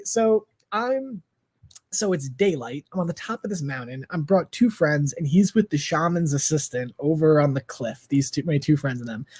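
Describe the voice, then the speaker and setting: Husky-voiced man in his thirties telling a story. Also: a little high. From United States. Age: 30s. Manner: lively, laughs often, swears freely. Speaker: podcast guest. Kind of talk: animated storytelling in casual chat.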